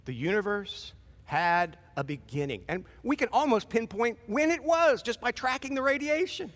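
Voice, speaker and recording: A man preaching a sermon in a conversational, animated way, acting out short quoted exchanges. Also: extremely high pitch, normal speed, in a large hall. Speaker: pastor.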